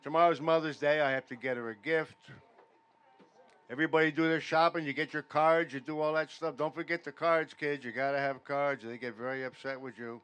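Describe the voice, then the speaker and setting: A man doing a stand-up comedy set in a veterans' hall, telling deadpan stories that build louder toward each punchline. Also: a little high, fairly quick, clear, resonant tone. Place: veterans' hall function room.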